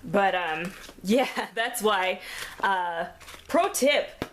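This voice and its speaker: A woman's voice: medium pitch, expressive, takes it slowly, a bit bright, slight background noise. A woman chatting casually while making a craft, self-deprecating and laughing often, a little out of breath. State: slightly out of breath. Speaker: craft vlogger.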